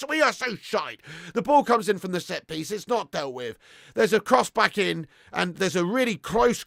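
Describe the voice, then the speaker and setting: A young man hosts a live football watch-along, calling the action with excited outbursts and profanity between viewer shout-outs. His voice sits slightly high, bright and edged with gravel. The sound is close and dry, with no room echo. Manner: excitable, swears, reads viewer messages aloud. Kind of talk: live match commentary and chat.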